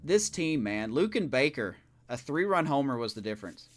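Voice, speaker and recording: While streaming a baseball video game live, this man talks at a medium pitch and moderate pace. His commentary is casual and animated, full of exasperated reactions and remarks to himself.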